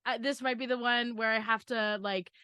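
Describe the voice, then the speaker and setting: A woman's voice: on the high side, fairly even intonation, normal speed, sharp tone, clear, resonant tone, no room sound, studio quality. A woman co-hosting a podcast, chatty and nervous in tone, with lots of "um" and "like". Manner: chatty, nervous, giggly, with many fillers. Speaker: podcast co-host. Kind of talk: casual podcast chat.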